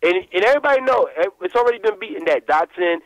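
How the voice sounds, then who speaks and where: A man calling in to a sports podcast, ranting in an animated, rambling way with plenty of swearing and repeated asides. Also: high voice, quick pace, low-quality recording. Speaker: caller. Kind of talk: casual call-in rant.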